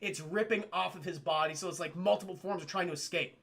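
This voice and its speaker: A man's voice: high-pitched, gravelly, slightly rough. A man streaming live, recapping a film scene by scene for his chat in a loose, profane way and acting out the characters' lines. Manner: animated, acts out characters' lines in quick changes of voice; swears a lot and keeps addressing the chat.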